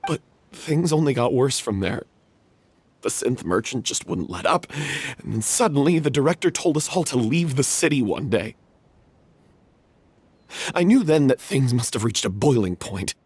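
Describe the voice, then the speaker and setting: Game role: remorseful young actor, husky, lively pitch. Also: male voice, moderate pace, pauses often, dry recording. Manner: confessing, remorseful, self-loathing. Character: guilt-ridden young male troupe actor. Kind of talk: game voice acting.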